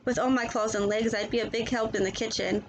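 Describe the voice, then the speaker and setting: Woman playing a restless boy crab from a storybook, high and eager. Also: fairly even intonation, fast, highs cut off, background noise, natural voice. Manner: eager, bright questioning. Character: cheerful restless young male blue crab.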